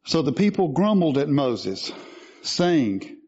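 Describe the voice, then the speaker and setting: Guy preaching, warm mellow voice, kinda dull lo-fi sound, asks the crowd questions. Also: medium pitch, expressive, measured pace. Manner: teaching, asks questions of the congregation. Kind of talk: sermon.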